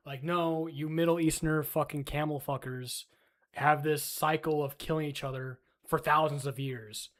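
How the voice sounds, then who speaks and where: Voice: medium pitch, normal speed, fairly bright tone. A streamer ranting crudely and heatedly in a casual livestream, full of swearing.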